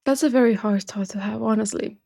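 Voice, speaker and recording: A woman from Romania gives casual reaction commentary. Her voice sits at a middling pitch with a gravelly rasp. She speaks earnestly and emotionally, and she often repeats a phrase to stress it. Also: fairly quick, mellow. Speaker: music reaction video host.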